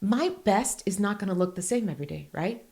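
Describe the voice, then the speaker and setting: A woman in her forties hosting a podcast, talking candidly and earnestly, with quick laughs between heartfelt points. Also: mid-range voice, expressive, dark tone. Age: 40s. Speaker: podcast host.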